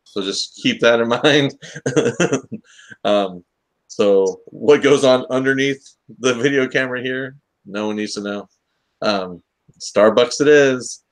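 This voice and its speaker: Speaking slowly in a medium pitch, this comics talk show host keeps his live-stream chat casual. His delivery is joking and rambling, packed with fillers.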